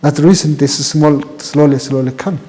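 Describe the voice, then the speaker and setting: An older man with a Tibetan accent tells his story in an interview, his English broken and halting as he circles back over his words. His voice sits a little high but sounds mellow. A long reverb trails behind it. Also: fairly even intonation. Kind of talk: oral history interview.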